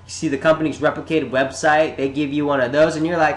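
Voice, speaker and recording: A man narrating a sales pitch in a chatty, sarcastic way, talking straight to the listener. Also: little pitch movement, a little fast, few pauses, a bit bright. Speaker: marketing presenter. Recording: roomy echo.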